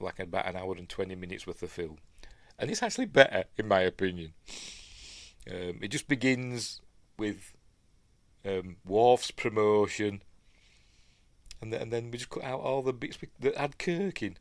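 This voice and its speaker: A man's voice: on the low side, no room sound. A man with a Yorkshire accent hosting a casual livestream, reading news aloud and drifting into chatty asides and questions to his viewers. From Yorkshire, England. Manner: rambling, chatty asides, audience check-ins.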